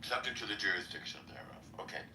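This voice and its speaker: Deep, bright-toned man, halting speech. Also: recorded from a distance. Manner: measured, halting with restarts. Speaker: podcast guest. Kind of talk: political discussion. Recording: echoey room, faint noise.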